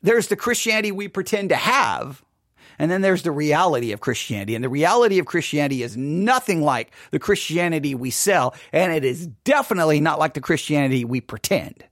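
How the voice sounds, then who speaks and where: A man's voice: a little high, animated, brisk, a bit bright, no echo, studio quality. A man preacher retelling a funeral sermon he gave, earnest and emphatic, often restarting his sentences.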